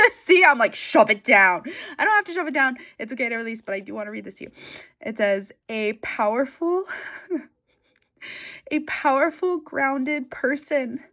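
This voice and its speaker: A woman's voice: high voice, fairly bright tone. A woman vlogger chatting casually to camera, giggly and emotional, tearful at times, with lots of fillers.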